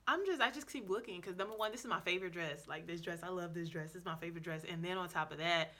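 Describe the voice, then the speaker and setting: Bright-voiced chatty woman vlogging. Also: lowish voice, quick pace. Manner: chatty, sassy, talks straight to viewers with quoted asides; frequent ums and restarts. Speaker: language-learning vlogger. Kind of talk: casual to-camera vlog. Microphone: camera mic, indoors before a backdrop.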